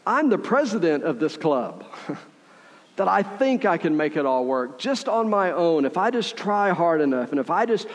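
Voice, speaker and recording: High-voiced preacher in a reverberant hall. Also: male voice, big pitch swings, moderate pace. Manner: conversational preaching, frequent "right?" asides. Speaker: pastor. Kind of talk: sermon.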